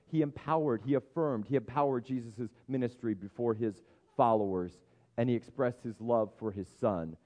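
A man's voice: lowish voice, mellow. A man preaching a sermon in a conversational, humorous way, often stopping to restart his sentences. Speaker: pastor.

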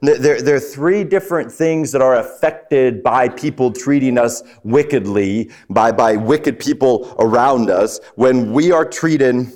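A man's voice: mid-range voice, unhurried, few pauses, a little mellow. A man preaching on a psalm, often stumbling and repeating words, and putting questions to his listeners. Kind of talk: sermon on a psalm.

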